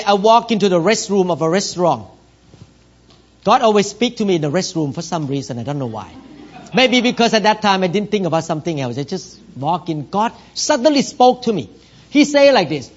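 A high-voiced man preaches with a foreign accent, leading his congregation in plain, broken English. He rises into loud, emphatic declarations. The recording is dull and lo-fi. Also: animated, moderate pace. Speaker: pastor. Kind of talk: sermon.

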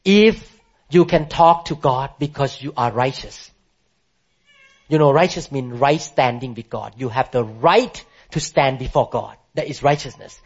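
A man's voice: medium pitch, measured pace, husky. A man who moved to the country as an adult, preaching a sermon emphatically and asking the congregation questions. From immigrant to the country where he preaches. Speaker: pastor. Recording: muffled lo-fi sound.

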